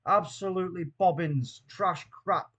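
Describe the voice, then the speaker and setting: A man with a high-pitched voice hosts a live football watchalong stream. He greets his chat by name in easy slang and lurches between shouted disbelief and flat, tired muttering. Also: unhurried. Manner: swings from shouting disbelief to low, weary muttering. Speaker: host of a fan watchalong stream.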